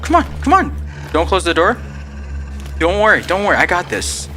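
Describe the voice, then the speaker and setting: Excitable young man with a lively voice. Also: high-pitched, moderate pace, faint music behind. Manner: excitable, exclaims and talks to himself. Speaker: gaming video creator. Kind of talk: let's-play commentary with voice-over narration.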